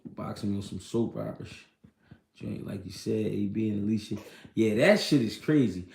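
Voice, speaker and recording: Livestream host, male, gravelly and laid-back, slangy chatter, echoey room. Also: lowish voice, moderate pace, a little mellow. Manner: loose, slangy, reads and answers viewer comments. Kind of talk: casual livestream chat about boxing.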